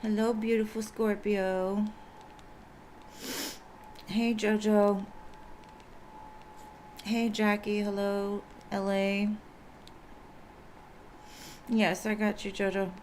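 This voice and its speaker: A woman's voice: medium pitch, flat delivery, very slow, long pauses, a little mellow. A woman tarot reader with a scratchy voice, chatting casually on a live stream and greeting viewers one by one.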